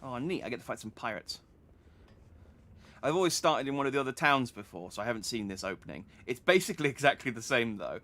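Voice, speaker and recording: A man's voice: medium pitch, animated, fast, pushed and bright. A man streaming a game, making casual, self-mocking asides as he plays. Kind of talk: casual gameplay commentary.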